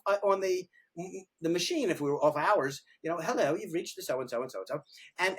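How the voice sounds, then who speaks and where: An older man, a retired dentist, talking casually in an interview, rambling and animated, often repeating words and restarting. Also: high voice, breathy edge. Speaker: retired pediatric dentist, podcast guest.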